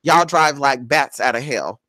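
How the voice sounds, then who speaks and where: A woman telling a rambling, animated story to her viewers, cursing freely and acting out her own reactions with loud exclamations. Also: rumbling low, measured pace, no echo. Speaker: spiritual vlogger.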